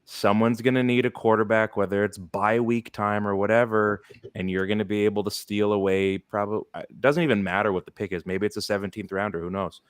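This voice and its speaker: A man's voice: on the low side, steady tone, a little fast, smooth, no echo, clean studio sound. A man hosting a casual sports podcast, rambling along with plenty of filler words. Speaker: podcast host. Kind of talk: casual fantasy football podcast chat.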